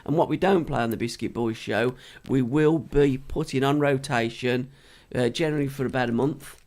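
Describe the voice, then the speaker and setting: A man's voice: mid-range voice, normal speed, darkish tone. Chatty man bantering on a podcast. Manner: chatty, teasing, asks rhetorical tag questions. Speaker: podcast co-host. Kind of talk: casual banter. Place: cold studio.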